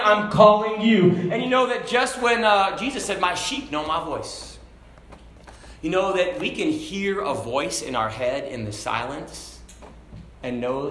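A man preaching a sermon, moving between shouted passages and quiet, conversational asides. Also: a little high, reverberant, slight background noise. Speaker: pastor.

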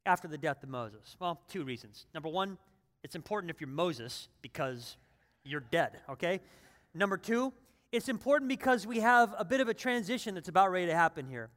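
A man with a high-pitched voice preaches to his congregation, chatty and informal at times, then building into emphatic repeated lines. His voice rings with a long reverb through the church hall. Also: animated, fairly quick, a bit bright. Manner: conversational, builds to emphatic runs. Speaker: pastor. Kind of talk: sermon.

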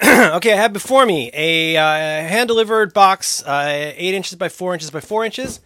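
A man co-hosting a podcast, playful and swinging into mock-serious deadpan. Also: high voice, moderate pace, no echo. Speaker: podcast co-host. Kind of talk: casual comedic chat.

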